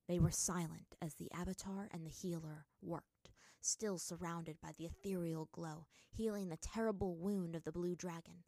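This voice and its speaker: Brief: female narrator reading a fantasy story, slightly low voice, dry recording. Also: darkish tone, dry recording. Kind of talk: reading fan fiction aloud.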